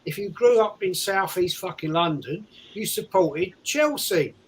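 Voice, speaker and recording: A man's voice: high voice, animated, a little slow, a little hiss or hum, poor audio. A man co-hosting a casual chat on a video call, insistent, swearing and repeating himself. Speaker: co-host.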